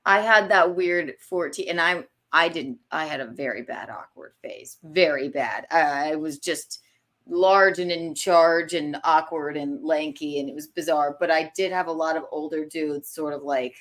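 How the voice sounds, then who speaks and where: A woman's voice: sits low, moderate pace, a bit bright. A woman hosting a casual chat, brash and swearing freely. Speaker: podcast host.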